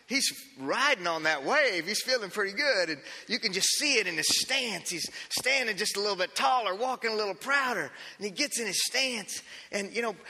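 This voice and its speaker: A man preaching a sermon, telling a story in an animated way, acting out the scene with frequent restarts. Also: sits high, breathy edge, long reverb tail.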